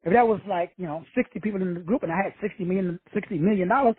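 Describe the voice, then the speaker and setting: Man preaching self-help, casual and profane, husky high voice, dry close sound. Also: racing, dry recording, phone-quality sound. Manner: preachy, addresses listeners as brothers and sisters; casual, with frequent swearing. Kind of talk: motivational talk.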